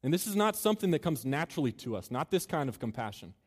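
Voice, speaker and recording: Joking preacher in a big echoing hall. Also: male voice, on the high side, big pitch swings, fast talker, slightly rough. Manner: joking and conversational, then earnest and building. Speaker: campus minister. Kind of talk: sermon to a student crowd. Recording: long reverb of a large hall.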